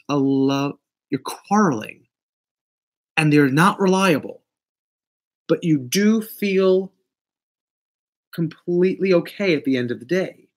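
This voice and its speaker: In this casual tarot reading, a man with a fairly high voice speaks emphatically and playfully. He swings between loud bursts and quiet asides.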